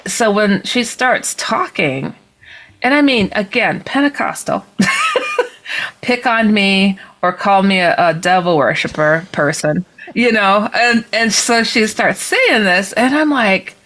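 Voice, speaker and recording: A woman guest telling a story in a lively, casual way, speaking into a computer on a video call. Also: medium pitch, takes it slowly, low-quality recording. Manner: lively, acts out quoted voices.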